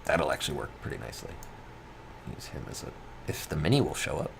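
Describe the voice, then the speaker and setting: A man narrating a tabletop game as game master, relaxed and chuckling, with many fillers. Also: a bass voice, fast talker, vocal fry, noisy background.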